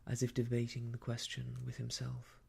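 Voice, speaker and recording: Gravelly hushed man, whispered role-play. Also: medium pitch, monotone. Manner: slow, hushed and soothing. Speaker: storyteller.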